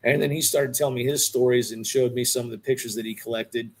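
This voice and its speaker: Speaking fast at an ordinary pitch, a middle-aged podcast guest spins out a lengthy, lively story in an easygoing way. He sprinkles in "dude" occasionally and keeps things conversational instead of polished.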